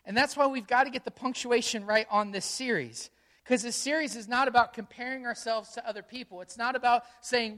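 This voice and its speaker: A middle-aged man preaching a sermon as pastor, conversational and energetic, with many rhetorical questions. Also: very high voice, brisk.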